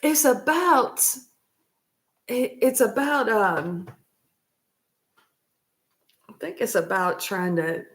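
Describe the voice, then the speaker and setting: A woman rambles through a casual vlog chat at an unhurried pace. She laughs often, swears freely and lets her sentences trail off as she thinks aloud. Her voice sits at a middle pitch. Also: very animated, fairly bright tone. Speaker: vlogger.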